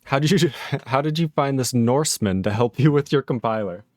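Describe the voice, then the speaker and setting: A man's voice: medium pitch, lively intonation, brisk, dry recording, studio quality. A man chatting casually as a guest on a coding stream, joking around and laughing often. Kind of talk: casual live-stream chat.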